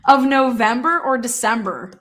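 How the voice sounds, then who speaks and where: Fast-talking, foul-mouthed woman. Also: a little high, fairly bright tone, slight background noise. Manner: rapid, profane and heated. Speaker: true-crime commentator. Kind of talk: casual livestream discussion.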